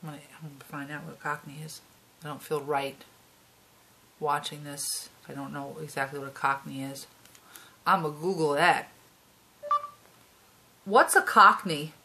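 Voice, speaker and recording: A woman in her thirties, a vlogger chatting casually and reacting out loud as she watches a movie at home. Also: deep voice, fairly even intonation, normal speed, pauses often. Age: 30s. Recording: movie soundtrack playing behind.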